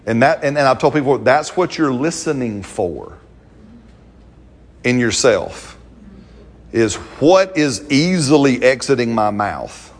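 A man preaching a sermon with a slightly husky voice. He talks to the congregation in a loose, conversational way, acting out little quotes and laughing as he goes. His pitch sits in the middle range. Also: lively intonation, takes it slowly.

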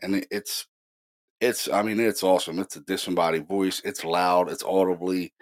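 Low-voiced man telling ghost stories. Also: normal speed. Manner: excited, animated retelling with many fillers. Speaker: paranormal investigator host. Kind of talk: casual storytelling.

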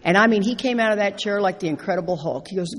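A middle-aged woman shares a personal story from the stage of a large convention hall. She talks in a lively, animated way, acting out what she said and laughing along. Her voice carries a long, echoing reverb. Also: mid-range voice, fast talker. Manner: animated, acts out her own quotes, laughs through the story. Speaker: speaker at a recovery convention.

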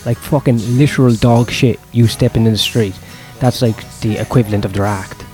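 A man's voice: medium pitch, steady tone, moderate pace, darkish tone. A young man, a stand-up comedian talking through his gigs in a casual, profane, self-deprecating ramble, with faint music behind him. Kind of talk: casual vlog monologue.

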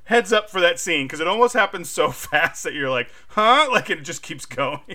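A man's voice: on the high side, expressive, moderate pace, sharp tone. A man co-hosting a podcast, chatting casually and animatedly, with lots of filler likes and laughter. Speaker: podcast co-host. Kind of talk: casual chat.

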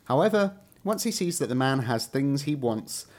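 A man's voice: medium pitch, big pitch swings, normal speed. English man reading listener messages. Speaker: podcast co-host. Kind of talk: casual chat, reading listener messages aloud.

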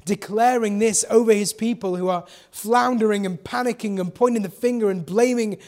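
A man's voice: high-pitched, moderate pace, a little mellow. A man preaching a sermon in a conversational way, often asking his listeners questions.

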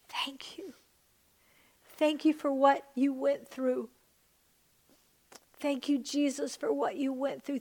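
A woman's voice: high voice, vocal fry. Fervent woman pastor leading prayer. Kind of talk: sermon prayer ministry.

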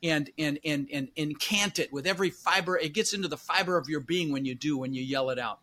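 Bright, emphatic motivational man. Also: a little high, brisk. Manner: emphatic, repeats phrases, bursts of shouting. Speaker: guest, real estate coach. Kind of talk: motivational interview talk.

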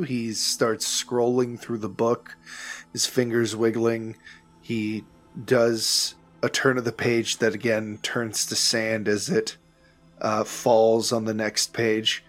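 Slow male game master narrating, loose with lots of fillers, faint music. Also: fairly low pitch, little pitch movement, fairly bright tone. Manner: unhurried, loose, with fillers and self-corrections.

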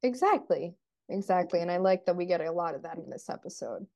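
A woman with a lowish, mellow voice chats casually as a podcast co-host. She recaps a TV episode in a relaxed, filler-heavy way, sharing her opinions as she goes. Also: brisk. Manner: relaxed, chatty, uses many fillers.

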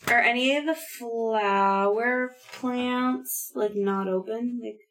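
Slow, hesitant woman player. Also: on the high side, fairly bright tone, soft background music. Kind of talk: casual tabletop game play.

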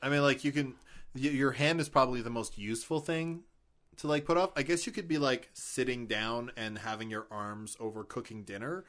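A man's voice: medium pitch, steady tone, brisk, a bit bright. A man in a casual comedic chat, dry and teasing, reasoning through silly ideas.

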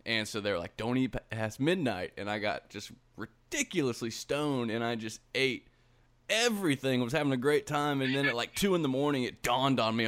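A man hosting a podcast in casual chat, laughing along and quick to agree. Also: mid-range voice, a bit bright. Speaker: podcast host.

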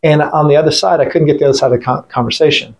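A man's voice: fairly high pitch, fairly even intonation, very fast, gravelly. A middle-aged man being interviewed, telling a war story in a blunt, rambling way, full of profanity and restarts. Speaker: veteran guest.

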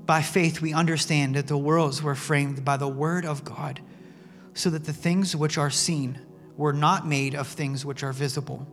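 A pastor speaks from a church sanctuary in a slightly high voice, keeping his intonation fairly even and his pace measured. His sermon unfolds through casual, earnest storytelling peppered with "man." Long church reverb and faint music surround him.

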